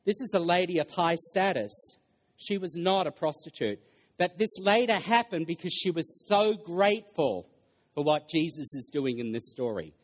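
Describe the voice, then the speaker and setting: A middle-aged male pastor giving a lively sermon in a church hall, joking and putting questions to the congregation. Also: a little high, moderate pace. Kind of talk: interactive sermon.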